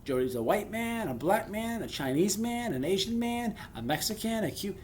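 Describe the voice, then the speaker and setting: A man talks straight to his audience in a loose, rambling way, sprinkling "man" everywhere and tripping over his own restarts. His voice sits a bit high for a man. A faint noise hangs behind him. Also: very animated, normal speed. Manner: rambling, streetwise, keeps saying "man"; frequent restarts and stammered repeats. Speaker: channel host. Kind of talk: casual monologue.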